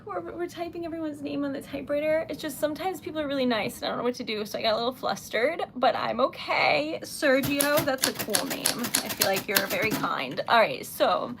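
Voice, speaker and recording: A woman's voice: sits high, fairly quick, creaky, few pauses, noisy background. A woman hosting a live stream, chatting casually and giggling as she talks to her viewers while typing. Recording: loud typewriter clacking behind voice. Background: typewriter keys and bell.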